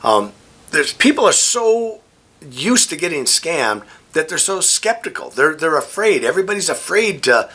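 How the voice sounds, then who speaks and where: A middle-aged man telling rambling, animated stories in a casual vlog. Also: on the high side, normal speed, slightly rough. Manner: rambling, animated anecdotes with frequent restarts. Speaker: vlogger. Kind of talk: casual storytelling.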